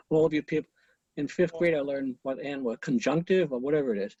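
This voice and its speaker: A man's voice: fairly high pitch, normal speed, warm tone, no room sound. A man teaching an online conducting class over a video call, coaching students and counting beats aloud, with chatty asides. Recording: muffled lo-fi video call audio.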